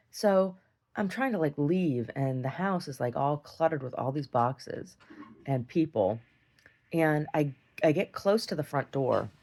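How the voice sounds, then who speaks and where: Gravelly-voiced woman rambling through a video diary. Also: deep voice, lively intonation, unhurried, a little mellow. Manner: rambling storyteller with frequent restarts; laughs often while talking. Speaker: video diarist.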